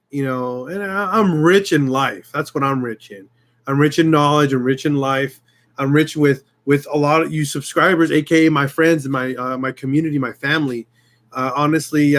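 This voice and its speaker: A man's voice: medium pitch, fairly bright tone. A man hosting his own channel, talking casually and heartfelt to his viewers, getting emotional and restarting often. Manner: rambling, heartfelt, many restarts. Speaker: YouTube channel host. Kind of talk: casual live-stream chat.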